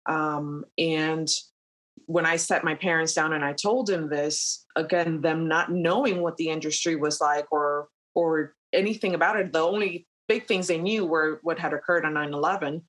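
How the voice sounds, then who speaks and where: A woman's voice: low voice, normal speed. Chatty woman pilot telling stories. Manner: animated retelling with frequent fillers and laughs. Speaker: airline captain guest. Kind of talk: conversational storytelling.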